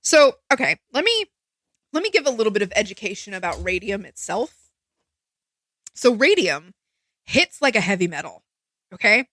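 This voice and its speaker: A woman co-hosting a podcast in casual chat, lively and chatty, explaining facts with exclamations. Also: medium pitch, moderate pace, long pauses, no room sound. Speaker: podcast co-host.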